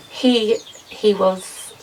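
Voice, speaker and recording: A young woman vlogging casually from her garden potting shed, rambling with lots of ums and soft laughs. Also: medium pitch, distant mic, a little hiss or hum, rough recording. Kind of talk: casual chat to camera.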